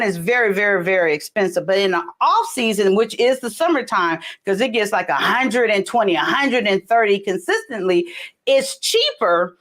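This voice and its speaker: A woman's voice: sits high, fairly bright tone. A middle-aged woman hosting a casual livestream, rambling between topics and answering viewers' comments. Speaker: livestream host. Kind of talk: casual live chat with viewers. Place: home, in California.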